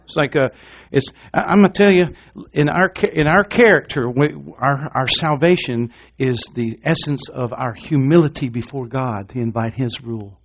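A middle-aged man preaching a sermon in a church, asking the congregation questions and moving between loud rousing lines and quiet low ones. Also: normal speed, hardly any pauses. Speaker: pastor.

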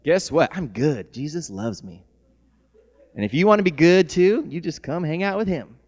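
A male pastor preaching a sermon who moves from soft, tender passages to loud shouting and laughs often. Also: a little high, animated, normal speed. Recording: long hall reverb.

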